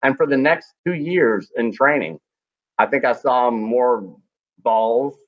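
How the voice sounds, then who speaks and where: Guy swapping raunchy army stories, mid pitch, kinda muffled audio. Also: takes it slowly. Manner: crude, animated anecdote-telling with acted quotes. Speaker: podcast guest, former combat medic. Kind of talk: casual storytelling.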